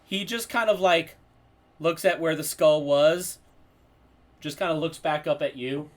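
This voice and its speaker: A man narrating a tabletop role-playing game as game master, describing scenes to his players. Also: fairly high pitch. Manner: slow, lively storytelling narration.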